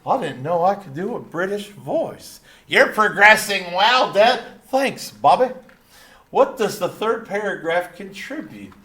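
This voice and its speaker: A man putting on a drawling small-town cartoon dad, folksy and proud, leaning on his stock phrases as he reads through a lesson. The voice sits a little high for a man and rings in a roomy space. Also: expressive, pushed and bright, heavily acted. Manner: slow Texan drawl, repeating catchphrases. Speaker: teacher. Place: classroom. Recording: roomy echo.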